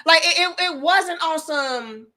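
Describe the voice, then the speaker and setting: A woman in her thirties hosts an online show and tells a story to her live chat at a measured pace. Candid and profane, she swings between loud outbursts and low asides.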